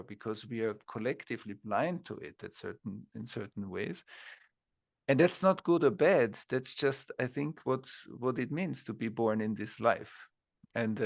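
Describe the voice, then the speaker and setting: A middle-aged man speaking as a guest teacher in a reflective conversational talk, thoughtful and measured, pausing and restarting as he works through ideas. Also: medium pitch, creaky.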